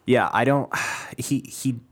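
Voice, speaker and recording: A man's voice: mid-range voice, takes it slowly. A man co-hosting a podcast, talking casually and ramblingly about a movie with frequent laughs and restarts. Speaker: podcast co-host. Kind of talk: casual film review chat.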